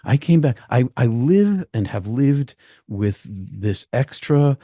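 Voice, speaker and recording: A man telling a personal story as a podcast guest, halting and repeating words as he goes. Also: medium pitch, big pitch swings, mellow, no echo, studio quality.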